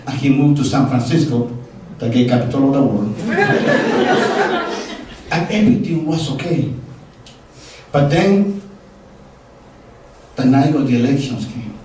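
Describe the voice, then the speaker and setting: A man's voice: on the high side, warm tone, slight background noise. A middle-aged man whose first language is Spanish, telling a heartfelt personal story on stage and acting out the dialogue. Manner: earnest, heartfelt, acts out dialogue. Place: stage in a live venue. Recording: very echoey hall, distant mic.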